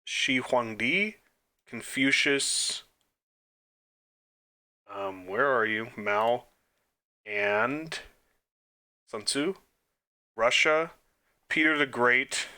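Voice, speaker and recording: A man's voice: medium pitch, very slow, long pauses, pushed and bright, clear, resonant tone. A young man casually thinking aloud as he plays trivia quizzes, muttering answers and making self-deprecating, chatty asides. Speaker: quiz game let's player.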